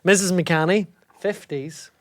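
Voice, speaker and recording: A man's voice: high voice, unhurried. A Northern Irish man hosting a podcast reads stage directions aloud. He is chatty and keeps breaking off into asides. The sound is close and dry, with little room echo. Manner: chatty, self-interrupting, laughing. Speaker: podcast host and writer. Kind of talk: reading stage directions, casual chat.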